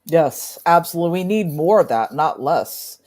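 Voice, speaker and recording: A woman's voice: deep voice, expressive, moderate pace, a little mellow. Earnest woman panelist on a talk show. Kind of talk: political talk discussion.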